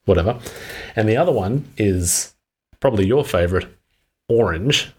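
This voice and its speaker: A man with a lowish voice chats on a podcast, weighing things aloud with wry asides. He sounds easygoing and diplomatic. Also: animated, darkish tone, breathy edge. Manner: measured, wry, musing aloud. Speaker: co-host. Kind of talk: casual podcast chat.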